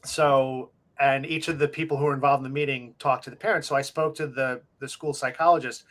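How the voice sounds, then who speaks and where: A middle-aged man from Long Island, New York, co-hosts a casual talk show podcast, rambling and self-deprecating with many restarts. His mid-range voice is fairly bright with fairly even intonation and a fairly quick pace.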